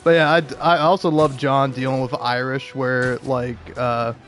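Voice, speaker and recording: A man's voice: medium pitch, flat delivery, measured pace, fairly bright tone, soft background music. A young man talking casually about video games, rambling with lots of fillers and frequent laughs. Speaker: video game commentator.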